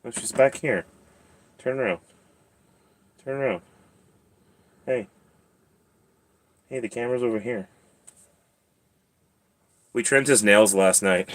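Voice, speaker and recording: A man's voice: mid-range voice, slow, pauses often, a bit bright. A man hosting a casual livestream from home, chatting and teasing while he talks to his cat and clips its nails. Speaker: channel host.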